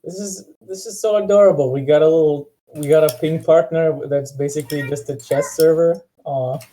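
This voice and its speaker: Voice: mid-range voice, moderate pace, warm tone, a little hiss or hum. A person on a voice chat, cracking jokes and teasing the others. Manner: joking, teasing banter. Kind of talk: casual voice chat.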